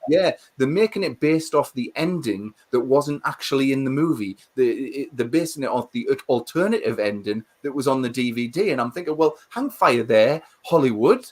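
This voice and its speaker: A man co-hosting a casual livestream chat, animated and swearing as he rants about films. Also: medium pitch, a little fast, few pauses. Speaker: co-host.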